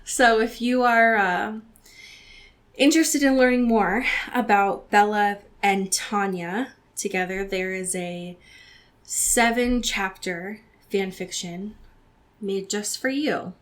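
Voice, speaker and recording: Reading fan fiction on a podcast she co-hosts, this Pacific Northwest American woman delivers dry comic timing and laughs frequently. Her mid-range voice keeps a fairly even intonation and a slow pace.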